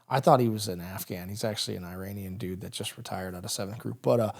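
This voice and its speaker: A man's voice: lowish voice, gravelly. A man in his thirties, a veteran guest on a podcast, telling stories casually and acting out the dialogue. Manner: rapid, animated anecdotes with quoted dialogue. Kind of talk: casual storytelling interview.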